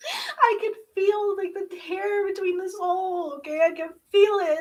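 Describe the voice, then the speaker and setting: A woman's voice: very high voice, distant mic, low-quality recording. Tearful woman channeling, slightly off-mic. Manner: halting, repeats herself, laughs through tears. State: crying and short of breath. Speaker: spiritual channeler. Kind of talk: emotional channeling session.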